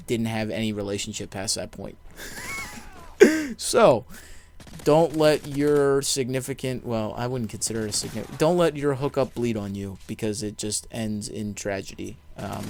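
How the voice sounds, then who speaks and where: A man's voice: on the low side, a little mellow, a little hiss or hum. A young man, a gaming YouTuber, casually telling a story with lots of swearing, fillers and rambling asides. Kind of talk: casual storytelling over gameplay.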